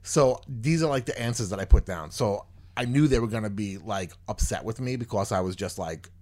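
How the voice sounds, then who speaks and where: A man's voice: lowish voice, a little fast, darkish tone. A man hosting a podcast, telling a long story in casual chat, rambling and exasperated, swearing freely. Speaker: podcast host.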